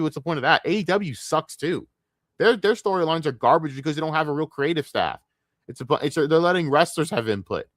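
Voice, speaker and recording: A man's voice: a little high, fairly bright tone, dry recording, studio quality. Frustrated profane American man ranting. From United States. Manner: frustrated, profane, rambling with repeated restarts. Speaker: streamer. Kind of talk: casual livestream rant.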